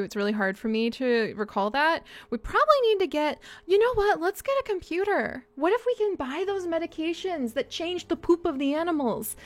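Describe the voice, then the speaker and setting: Bubbly high-voiced young woman streamer. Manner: bubbly and excitable, gushing thanks to chat. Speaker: live streamer. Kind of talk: live-stream gameplay chat.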